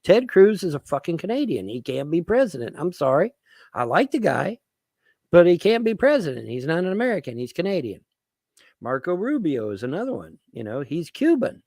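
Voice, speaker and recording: A man's voice: a little high, sing-song, a little fast, creaky, darkish tone, no room sound. A man ranting to his viewers as a vlogger, swearing, repeating himself and asking rhetorical questions. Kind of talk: rambling political rant to camera.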